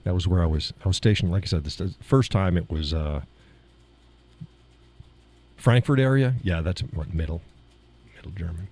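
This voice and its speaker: Texan male stream host, low and mellow, easygoing chuckling chatter. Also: normal speed, long pauses, husky. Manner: chuckling, drawling, trails off into mumbled asides. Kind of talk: casual chat reading viewer comments.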